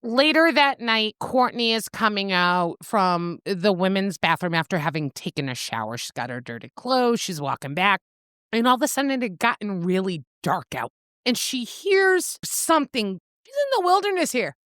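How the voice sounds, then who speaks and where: Smooth and mid-range, this woman's voice moves at a moderate pace in a clean, echo-free studio recording. As a podcast co-host on a casual book chat, she animatedly retells the story, acts out lines, and laughs a lot.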